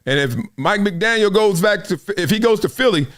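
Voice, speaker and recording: A man hosting a live sports talk stream, riffing in loose slang and breaking into laughs. His voice sits fairly high for a man and swings widely in pitch as he rants. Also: moderate pace. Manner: animated, slangy, laughs often. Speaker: sports talk show host. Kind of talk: opinionated live sports commentary.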